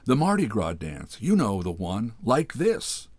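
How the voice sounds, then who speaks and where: A man's voice: fairly low pitch, huge pitch swings, unhurried, darkish tone, no room sound, heavily acted. A man voicing a vain, petulant society woman who huffs and sulks in a storybook reading. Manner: huffy, sulky retorts.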